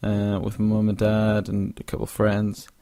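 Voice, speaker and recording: Young guy rambling on his podcast, lowish gravelly voice, lots of ums, kinda yawny, dry close sound. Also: monotone, normal speed, dark tone, dry recording. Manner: rambling, frequent fillers and restarts. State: yawning, drowsy. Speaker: podcast host. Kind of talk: casual solo monologue.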